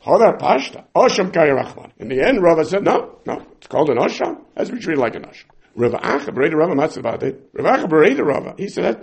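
A man teaching a Talmud lesson, animated and acting out the voices of the sages and side characters as he explains. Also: fairly high pitch, brisk, creaky.

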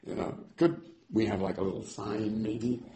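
A man's voice: lowish voice, fairly even intonation, normal speed, creaky, mellow, voice pushed down. A man voicing an exasperated, skeptical young biblical hero who talks sarcastically and stammers over repeated words. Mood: wary.

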